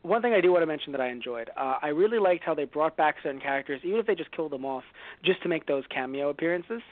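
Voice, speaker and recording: A man co-hosting a casual movie review podcast, rambling and joking, slipping into quick impressions. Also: fairly high pitch, lively intonation, no room sound. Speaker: podcast co-host. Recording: phone-like lo-fi dry sound.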